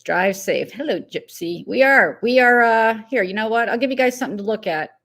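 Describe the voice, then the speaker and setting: A woman's voice: a little high, lively intonation, a little fast, fairly bright tone. A woman hosting a casual live stream, chatting loosely, laughing easily and greeting viewers one by one by name. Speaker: livestream host.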